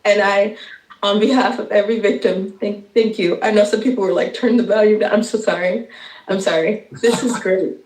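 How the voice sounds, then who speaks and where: A woman's voice: medium pitch, steady tone, normal speed, darkish tone, echoey room, low-quality recording. Emotional, stumbling woman in her thirties. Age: 30s. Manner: emotional and stumbling, with nervous laughs. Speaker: guest speaker on a live stream. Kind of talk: impassioned live-stream speech.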